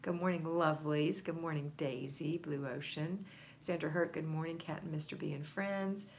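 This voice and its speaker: Woman, low pitch, livestream home-organizing coach, chatty and encouraging, faint room ambience. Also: steady tone, normal speed, a little hiss or hum. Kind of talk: livestream chat reading viewer comments.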